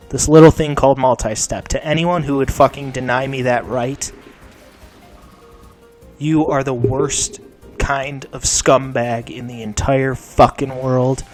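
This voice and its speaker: Young man, ranting vent, heavy swearing, mutters then shouts, sore mouth, middle pitch, faint music behind. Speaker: gaming channel host. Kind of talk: angry vent to camera.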